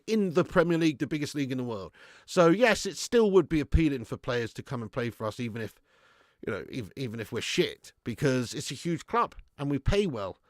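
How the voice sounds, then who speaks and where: A man hosting a live football fan stream, chatting excitably, swearing freely and laughing as he reacts and thanks viewers for donations. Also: on the high side, no echo, clean studio sound. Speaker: football fan channel host.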